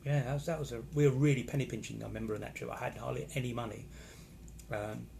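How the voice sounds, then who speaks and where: A man talks casually on a live stream from a hotel room. He rambles and reacts to viewers' comments as he goes. His voice is mid-pitched with a gravelly edge, and there is a faint hiss in the background. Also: steady tone, fast, mellow. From England. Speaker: vlogger reading live comments.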